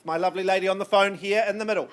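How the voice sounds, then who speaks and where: A man working as an auctioneer, calling bids in a brisk, coaxing patter with banter, his voice strained and getting worn. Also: high-pitched, steady tone, smooth. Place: auction room.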